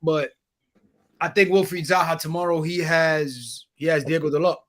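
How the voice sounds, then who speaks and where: A man's voice: fairly high pitch, fairly even intonation, normal speed, a bit bright. A man guesting on a casual football chat, laid-back and rambling, laughing often.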